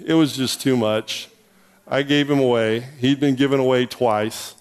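A middle-aged man, a pastor, preaching a sermon and telling a hunting story in a folksy, animated way that rises in pitch and volume when he gets excited. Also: unhurried, smooth. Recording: reverberant hall.

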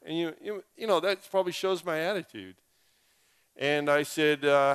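A man's voice: on the high side, normal speed, fairly bright tone, clear, resonant tone. A male pastor preaching a sermon through a personal story, with humorous, self-deprecating asides.

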